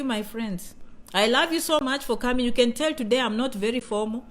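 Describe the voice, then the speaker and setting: Chatty woman live-streaming, fairly high voice. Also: brisk. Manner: chatty, repeats phrases, playful asides. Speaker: vlogger hosting a live chat. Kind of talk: casual live-stream chat with viewers.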